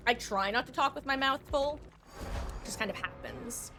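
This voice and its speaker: A woman's voice: high-pitched, moderate pace, bright, forceful tone, slight background noise. A woman streaming a game live, chatting casually to viewers in a rambling way, laughing often and correcting herself. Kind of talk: casual live-stream chat while gaming.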